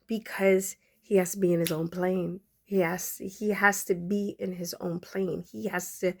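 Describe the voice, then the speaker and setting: A woman's voice: lowish voice, level tone, measured pace, creaky. Woman in her 40s talking to her followers, choked up and trying not to cry. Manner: emotional, near tears, fighting back crying; conversational, addresses listeners directly. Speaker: podcast host. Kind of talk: emotional personal talk to followers.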